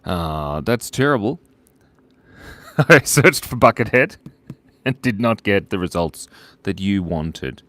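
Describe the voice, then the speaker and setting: A man's voice: lowish voice, animated, takes it slowly, pauses often, a bit bright, dry recording. A man hosting a live drawing stream, chatting casually, joking, laughing often and reading out viewer comments.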